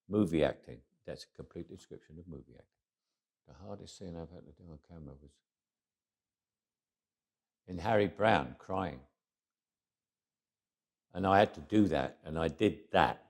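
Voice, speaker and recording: A man's voice: low voice, moderate pace, pauses often, darkish tone. A man in his eighties recounting stories in an interview, reflective and often restarting his words. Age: 80s. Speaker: interview guest. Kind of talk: anecdotal interview storytelling.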